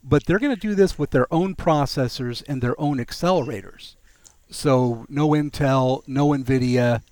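A man hosting a relaxed tech podcast, wry and joking in his delivery. His voice sits at an ordinary middle pitch. The recording is dry, with little room sound. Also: moderate pace, no echo. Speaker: podcast host. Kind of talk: casual tech podcast chat.

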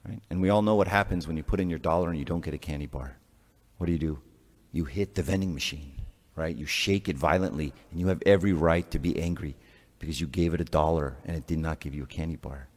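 Low-voiced priest giving a chatty sermon, long church echo. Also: male voice, brisk. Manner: conversational, rhetorical questions, joking asides.

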